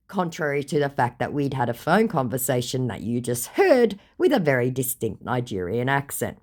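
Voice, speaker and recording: A woman's voice: rumbling low, very animated, fairly quick, few pauses, darkish tone. A woman reads out a chat with a scammer in sarcastic, mocking casual commentary. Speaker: vlogger exposing scammers.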